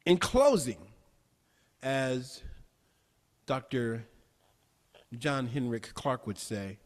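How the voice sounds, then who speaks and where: A man minister delivering a sermon, repeating phrases emphatically and building to excited exclamations. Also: medium pitch, extremely slow. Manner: repetitive, emphatic preaching with rising exclamations. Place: church sanctuary. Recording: long hall reverb.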